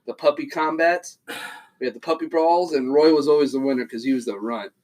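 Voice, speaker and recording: Podcast co-host, male, high pitch, lively storyteller who laughs a lot and curses freely. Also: fairly quick, background noise. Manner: animated storyteller, laughs often, swears. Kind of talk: casual storytelling chat.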